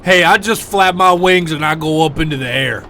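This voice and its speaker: Man doing a chummy streetwise griffin, bright gravelly voice, calls everyone boss. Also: a little high, moderate pace, a little hiss or hum, pitched above the performer's own voice. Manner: slangy, calls people boss.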